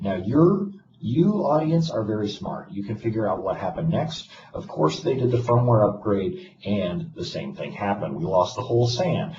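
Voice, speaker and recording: A man's voice: medium pitch, lively intonation, moderate pace. A man giving a casual presentation to an audience, telling a self-deprecating story with wry humor. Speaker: conference speaker. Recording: echoey hall, distant mic, dull lo-fi, noisy.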